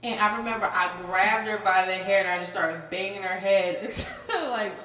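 Lively storytelling young woman, roomy reverb. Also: medium pitch, normal speed. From New York area. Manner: animated storyteller who laughs often. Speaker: podcast co-host. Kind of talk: casual chat. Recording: roomy reverb with faint music.

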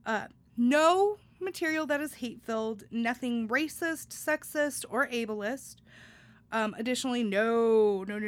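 A young woman hosting a podcast, reading announcements and chatting in an upbeat way with many fillers and restarts. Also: fairly high pitch. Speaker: podcast host. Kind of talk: casual podcast chat with announcements.

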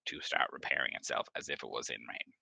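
Man GM, deep and bright, loose rambling narration, dry mic. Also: fast, vocal fry, no echo. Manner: rambling, filler-heavy description. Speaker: game master. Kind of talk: narrating a tabletop game.

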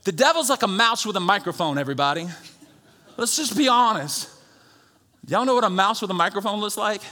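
A high-voiced man with a bright, ringing tone preaches a sermon in a church auditorium. He drops into hushed, confiding teaching, then climbs into shouted calls for an amen. He jokes with the congregation and speaks with a drawl. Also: lively intonation, fairly quick. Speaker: pastor.

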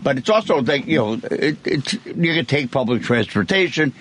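Husky, lively-voiced man in his eighties. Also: mid-range voice, normal speed. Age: 80s. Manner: chatty, rambling, stumbles over words. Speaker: radio host. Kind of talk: casual radio chat. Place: radio studio.

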